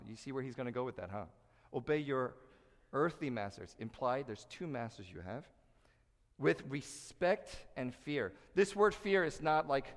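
A man preaching a sermon, animated and lively, acting out quoted voices as he teaches. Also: mid-range voice. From United States. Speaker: pastor. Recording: echoey hall reverb.

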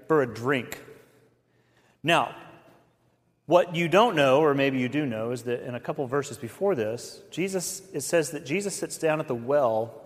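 A pastor giving a conversational sermon, with folksy asides to the congregation. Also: male voice, medium pitch. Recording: reverberant hall.

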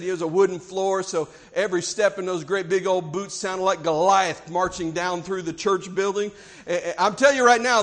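A man with a Southern US accent preaching a sermon, telling a story in a folksy, emphatic way and repeating phrases for effect. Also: sits high.

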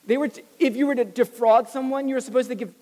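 A pastor preaching a sermon in a lively, animated way, acting out the voices of the people in the story. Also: high-pitched, fast talker, in a large hall.

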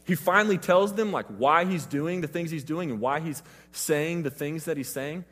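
A man's voice: fairly high pitch, normal speed, a bit bright, in a large hall. A man preaching a sermon, retelling scripture in a casual, conversational way.

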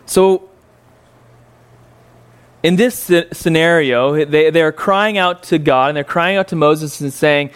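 A man with a somewhat high voice gives a casual Bible lesson. He talks conversationally, peppering his teaching with rhetorical questions and fillers. His tone rises to incredulous peaks, then drops into quiet, low reflection. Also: slow, long pauses, clear, resonant tone.

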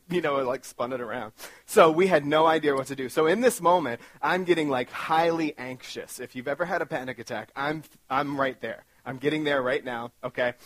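Male guest speaker, animated self-mocking storyteller, dry mid-range voice. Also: mid-range voice, dry recording. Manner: animated, self-mocking, acts out his own panic. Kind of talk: storytelling sermon talk.

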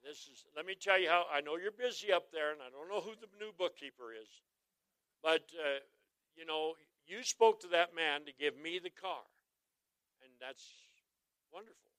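Man, evangelist, folksy storytelling sermon, high pitch, smooth clear voice, dry sound, calls on the congregation. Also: normal speed, no room sound, low-quality recording. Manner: folksy, joking, asks the crowd for responses; animated, swings from quiet asides to loud exclaims. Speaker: traveling evangelist.

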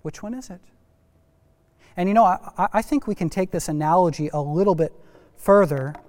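A man preaching a sermon as pastor, lively and speaking directly to the kids listening. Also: high voice, a little fast, big-room sound. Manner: lively, talks to kids in the congregation.

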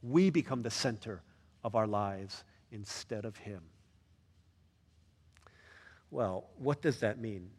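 A pastor preaching a sermon in a church, conversational and animated, often asking the listeners questions. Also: male voice, lowish voice, a little slow, husky, long reverb tail.

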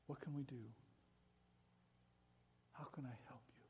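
A pastor giving a sermon, shifting from hushed, pleading passages to loud, emphatic preaching. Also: male voice, mid-range voice, fairly even intonation, unhurried, in a large hall, a little hiss or hum.

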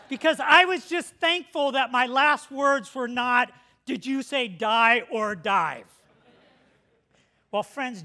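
In this sermon, a high-voiced, bright-toned middle-aged pastor addresses his congregation through a story. Quoted lines get shouted out, and he laughs along with the telling.

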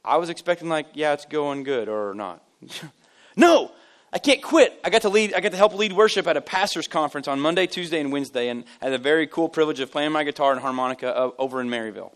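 Male pastor, conversational sermon, animated and self-mocking, slightly high voice. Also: rapid-fire. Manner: animated, joking, self-deprecating storyteller. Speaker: lead pastor. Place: church service.

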